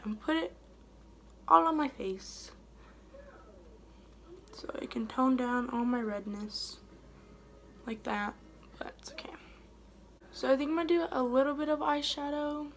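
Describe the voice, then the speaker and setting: Casting note: young female beauty vlogger, unhurried chatty delivery, gravelly fry, light room hiss behind. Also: sits high. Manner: chatty, rambling, trails off softly mid-thought. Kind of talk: casual get-ready-with-me chat.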